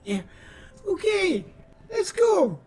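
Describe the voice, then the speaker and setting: A man's voice: very high voice, huge pitch swings, very slow, a little mellow, faint music behind, exaggerated voice. A man voicing a fussy, caring male adventurer in a tabletop game, rambling and emotional. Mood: cheery. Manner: rambling, emotional, tea-loving banter.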